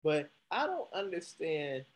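A man's voice: fairly high pitch, big pitch swings, slow pace, poor audio. A man co-hosting a sports talk show, chatting casually and laughing easily, at times stumbling over names. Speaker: podcast co-host.

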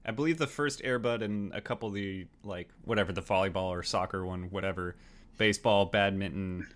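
A man co-hosting a casual movie podcast, sarcastic and quick to laugh. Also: deep voice, fairly bright tone. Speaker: podcast co-host. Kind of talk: casual chat.

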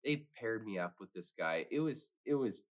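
A man's voice: fairly low pitch, animated, normal speed. A man guesting on a podcast, rambling through a hockey story in casual chat, full of fillers and swearing.

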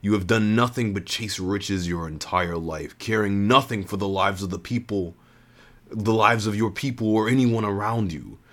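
A contemptuous male villain from a spoken story, passing judgment in a cold, accusing tone, as a man puts him on. His voice sits a little low and turns sharp with scorn. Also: moderate pace, close to an everyday voice. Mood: accusing, angry.

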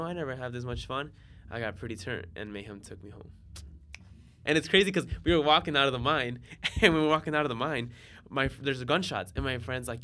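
Young man in his twenties, bright forceful tone, relaxed chatty guest storyteller. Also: mid-range voice, a little fast. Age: 20s. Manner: laid-back storytelling, slangy and animated when excited. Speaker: guest, DJ and software engineer. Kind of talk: casual podcast chat.

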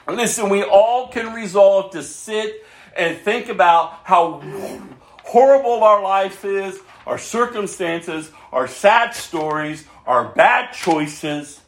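A man's voice: high voice, slow pace, echoey room. A male pastor preaching a sermon, earnestly reading scripture aloud and chuckling often as he speaks.

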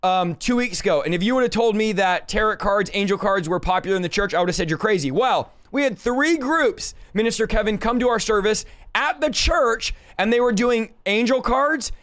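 A man's voice: sits high, moderate pace, few pauses, fairly bright tone. A man hosting a podcast, giving a fervent preaching-style Bible teaching and exhorting the listener directly. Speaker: podcast host.

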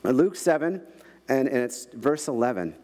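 A man's voice: medium pitch, measured pace. A man giving a sermon as a guest preacher, telling stories with emotion and laughing often. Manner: animated, emotional storytelling with frequent laughs. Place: large church hall. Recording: long reverb of a large hall.

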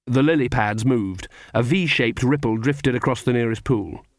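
A man reading a comic fantasy novel aloud in measured, scripted narration. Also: mid-range voice, no room sound, studio quality. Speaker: audiobook reader.

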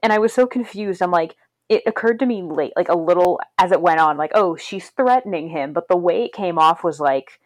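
A woman with a lowish voice chats about a film with a friend and slips into quick impressions of the characters. She laughs often as she goes. The sound is close and dry, with no room around it. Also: dry recording. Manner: chatty, laughs often, retells scenes with quoted voices. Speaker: podcast co-host. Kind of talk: casual movie discussion.

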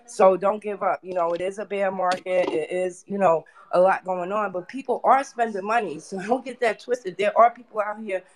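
A woman hosting a live audio chat, talking in an energetic, preachy way with lots of fillers. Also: mid-range voice, normal speed, few pauses, a little hiss or hum. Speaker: host.

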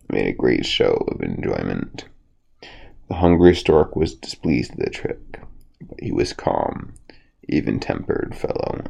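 A man reading bedtime fables aloud, slowly, with frequent slips and restarts. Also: a bass voice, vocal fry, darkish tone, slightly rough. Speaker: storyteller.

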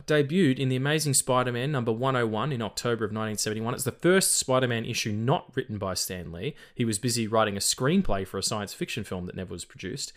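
A man hosting a casual film podcast, relaxed, swearing now and then and reading out trivia. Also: medium pitch. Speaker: podcast host.

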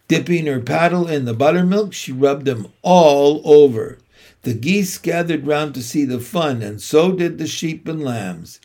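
A man narrating a children's storybook aloud in a steady, expressive way. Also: mid-range voice.

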